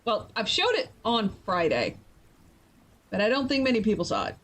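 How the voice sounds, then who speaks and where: On a casual live stream, a tired woman with a medium-pitched, fairly bright voice talks with her viewers before she starts writing. She's very animated, playful and chatty, and laughs readily.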